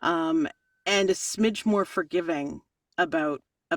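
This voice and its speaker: Audiobook narrator lady, super animated chat, laughs a lot, sounds a bit far from the mic. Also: medium pitch, takes it slowly, creaky, noisy background. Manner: chatty, animated, laughs often. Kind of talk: podcast interview answers.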